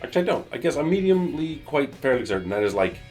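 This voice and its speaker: A man's voice: medium pitch, sing-song, quick pace, a little mellow, faint music behind. A man casually recapping a comic book for his channel, rambling and correcting himself as he goes.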